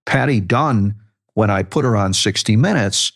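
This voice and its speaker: Male host, low voice, easy conversational prompts. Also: lively intonation, normal speed, vocal fry. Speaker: podcast host. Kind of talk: interview questions.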